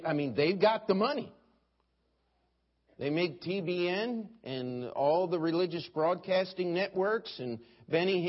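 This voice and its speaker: A middle-aged man preaching a sermon as pastor, telling folksy stories and mimicking other preachers. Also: a little high. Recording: dull lo-fi sermon recording.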